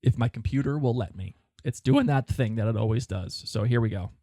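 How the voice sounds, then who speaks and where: A man co-hosting a casual podcast, talking excitably with quick restarts. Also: medium pitch, no echo, clean studio sound. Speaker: podcast co-host. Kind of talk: casual chat.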